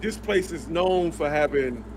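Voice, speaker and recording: A man's voice: on the high side, a little slow, slight background noise. A man appearing as a podcast guest, telling casual stories in a laid-back, slangy, rambling way. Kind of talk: casual storytelling.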